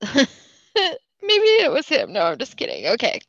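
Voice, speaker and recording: Giggly tipsy woman podcaster, lively pitch. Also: measured pace, no room sound, highs cut off. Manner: giggly, tipsy, reading aloud with asides. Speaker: podcast host. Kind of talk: casual storytelling chat.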